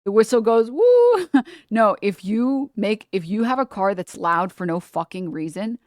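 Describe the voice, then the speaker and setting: A woman's voice: medium pitch, dry recording. Dry-miked woman ranting on stream. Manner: animated ranting, swearing, quick asides. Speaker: livestream host. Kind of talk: casual chat.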